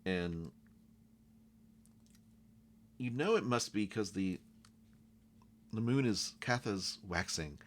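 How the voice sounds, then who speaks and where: A man narrating as game master of a tabletop game, in loose, halting descriptions. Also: sits low, a little hiss or hum.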